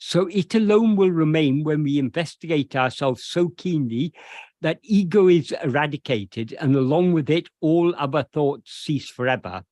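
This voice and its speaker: A man explaining a devotional verse as a spiritual teacher, slow and deliberate with frequent hesitations. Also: fairly high pitch, darkish tone, no room sound.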